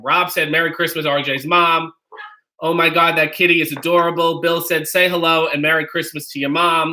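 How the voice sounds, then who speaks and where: Male stream host with a cold: high and very bright, reads chat, then rants in profane mock outrage. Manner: mock-indignant ranting, profane. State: has a cold. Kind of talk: reading viewer comments on a live stream.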